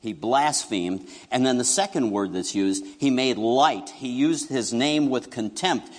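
A middle-aged male pastor delivers a sermon in an easy, conversational way, slipping into quoted voices as he tells his stories. His voice sits at an ordinary pitch for a man. The sound carries a long reverb from a church hall. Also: measured pace. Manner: conversational, animated storytelling with acted quotes.

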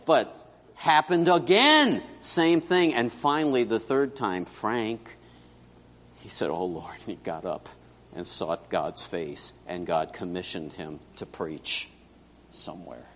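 A man preaching a sermon as pastor, telling a story and acting out its dialogue, swinging between loud and hushed. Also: mid-range voice, a little hiss or hum. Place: church sanctuary. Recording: echoey church hall.

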